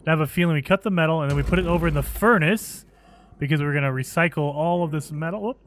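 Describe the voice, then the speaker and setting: A gaming channel host gives excitable let's play commentary, thinking aloud as he plays. He talks quickly in a fairly high-pitched voice.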